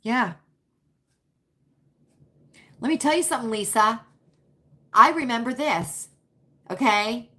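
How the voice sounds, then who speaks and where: Slow-talking, emphatic woman livestream host. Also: on the high side, sharp tone. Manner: emphatic, repetitive, opinionated. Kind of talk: casual livestream chat, reading viewer comments.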